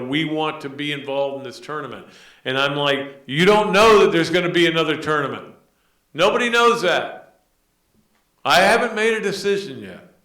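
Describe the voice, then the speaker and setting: Middle-aged guy doing a sports podcast, bright voice, rambles w lots of uhs, echoey room. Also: medium pitch. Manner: rambling, with many fillers and restarts. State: emotional. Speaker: podcast host. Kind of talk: casual sports talk.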